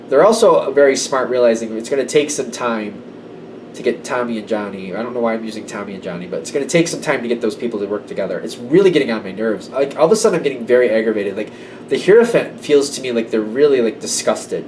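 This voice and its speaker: A man's voice: medium pitch, lively intonation, fast, a little mellow, far from the mic, a little hiss or hum, rough recording. A man giving a casual tarot reading to camera, conversational and emphatic. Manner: conversational, emphatic, slips into quoted voices. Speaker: tarot reader.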